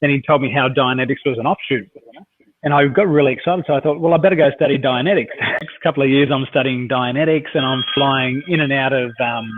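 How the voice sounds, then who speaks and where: A man's voice: mid-range voice, fairly even intonation, fairly quick, no room sound. A man from Australia, a coach and interview guest, telling rambling anecdotes with many fillers and restarts. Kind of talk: conversational storytelling. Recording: dry, tinny phone-like audio.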